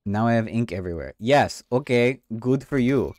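In a comedic let's play, a man streaming a game jokes around in a mock-official inspector voice with a put-on foreign accent, swearing as he goes. His medium-pitched voice is animated and darkish, at a moderate pace.

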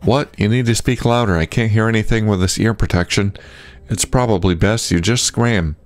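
A man voicing a grumpy woman miner who wears ear protection and talks gruffly and dismissively. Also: fairly low pitch, moderate pace, close to an everyday voice.

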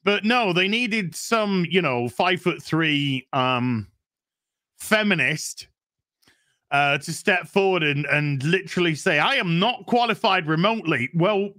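A man's voice: sits high, bright, forceful tone, no room sound, clean studio sound. A man as guest co-host in a casual review chat, blunt and sarcastic with swearing.

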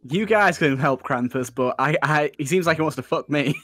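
A man's voice: on the high side, fairly quick, fairly bright tone, no echo. A man reacting to a party game with friends, stammering a bit as he jokes. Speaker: guest player. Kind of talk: casual group gaming chat.

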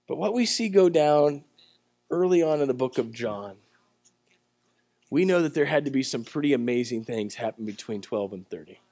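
A man preaching a sermon at a church service, telling the story in a conversational way and swinging between loud, emphatic lines and quiet ones. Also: mid-range voice, lively intonation, moderate pace, no echo. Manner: conversational storytelling with acted-out voices. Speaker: pastor.

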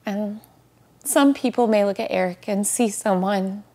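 A woman speaks in a heartfelt, earnest interview voice. Her voice has a gravelly fry and a husky, breathy edge. She slows down and softens on the words that matter. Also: medium pitch. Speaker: guest, widow sharing her story. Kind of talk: emotional faith interview.

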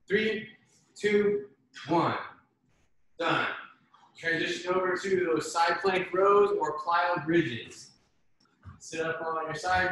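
A man leading an online workout class over a video call, giving brisk, encouraging cues and counting down reps. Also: high-pitched, fairly bright tone. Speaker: fitness instructor. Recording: very echoey room, faint noise.

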